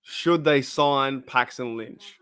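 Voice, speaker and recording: A man's voice: medium pitch, slow pace, clear, resonant tone. A man with an Australian accent hosting a fan watch party, giving casual commentary on the game, cheering and groaning at each play. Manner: excitable, cheers and groans at plays.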